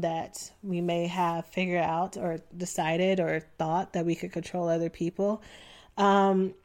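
A young adult woman hosting a solo podcast, talking casually and relaxed, with frequent ums. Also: mid-range voice. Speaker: podcast host.

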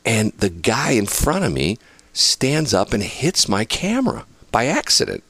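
Man, gravelly low voice, lively swings in pitch, casual storytelling, dry close sound. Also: a little slow, no echo. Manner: animated, laughs through his stories, acts out other people's lines.

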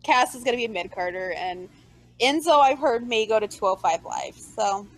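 A woman's voice: fairly high pitch, lively intonation, normal speed, poor audio. A woman co-hosting a casual wrestling podcast, chatty and talking straight to her viewers. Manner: chatty, addresses viewers as guys, many fillers. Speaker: podcast co-host.

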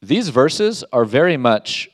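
A man's voice: mid-range voice, sing-song, slow, dry recording. Emphatic male pastor preaching. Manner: emphatic, rhetorical questions, reads scripture aloud. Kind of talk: sermon.

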